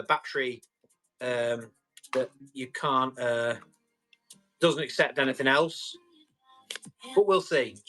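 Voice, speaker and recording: A man's voice: a little high, fairly bright tone. A man running a live tool auction, chatty and jokey with viewers. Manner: chatty, jokey salesman patter.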